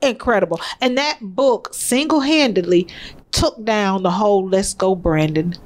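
A woman's voice: medium pitch, unhurried. A woman, a podcast guest in casual storytelling chat who acts out the people she quotes.

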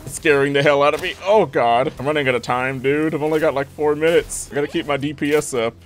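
An excitable young man reacts out loud as he plays, scolding characters and crying out at every setback. His voice sits a little higher than most men's. Faint music plays behind him. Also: fast talker. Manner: excitable, talks to the game characters, frequent exclamations. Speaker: gaming YouTuber. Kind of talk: live gameplay commentary.

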